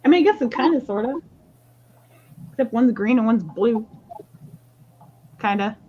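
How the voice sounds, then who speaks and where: A woman's voice: a little high, animated, normal speed, dull audio, a little hiss or hum. A woman hosting a live stream auction of stones, chatting casually and laughing often. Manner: chatty, laughs often, jokes about accents.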